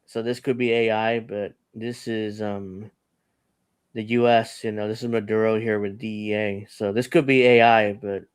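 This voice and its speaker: A man's voice: on the low side, level tone, normal speed, clean tone. A man hosting a casual online news panel, rambling and reading posts aloud with frequent laughs. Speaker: host.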